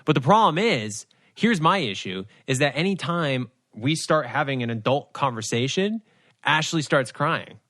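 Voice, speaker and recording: A man's voice: fairly high pitch, lively intonation, moderate pace, fairly bright tone. A man co-hosting a podcast, chatting and joking over a video call. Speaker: podcast co-host. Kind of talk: casual chat on a video call.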